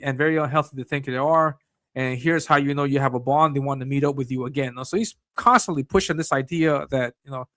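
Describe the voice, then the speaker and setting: Brief: male livestream co-host, measured, slightly high voice, dry sound. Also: a bit bright, no room sound. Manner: measured, reading messages aloud with fillers. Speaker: co-host reading chat. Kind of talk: casual livestream talk.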